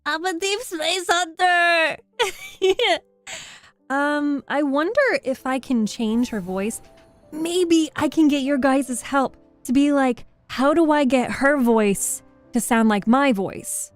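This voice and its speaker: Chatty high-voiced woman streamer. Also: lively intonation, slow pace, a little mellow, soft background music. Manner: chatty, playful, greets chat. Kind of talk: casual game-stream commentary.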